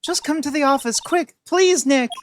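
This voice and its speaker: A woman voicing an excitable young spirit-medium assistant, reading game dialogue aloud in a shrill, breathless, urgent way. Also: normal speed, slight background noise, natural voice. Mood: panicked.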